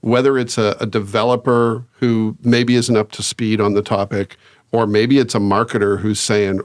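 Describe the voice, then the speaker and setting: Low-voiced male podcast host. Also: normal speed, dry recording, studio quality. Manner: steady interviewer, frequent affirming "yeah" and "mm-hmm". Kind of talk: casual podcast interview.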